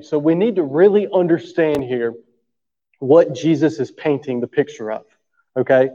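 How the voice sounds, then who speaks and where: A man's voice: a little high, moderate pace, warm tone, big-room sound, dull audio. Male pastor preaching a conversational sermon. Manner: conversational, asks the room for agreement often. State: coughing from allergies.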